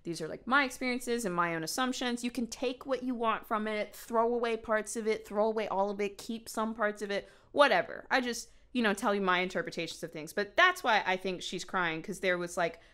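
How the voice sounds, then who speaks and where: A woman's voice: mid-range voice, a little fast, few pauses, pushed and bright, smooth. A woman streamer giving casual, chatty commentary on bodycam footage, prone to exasperated outbursts.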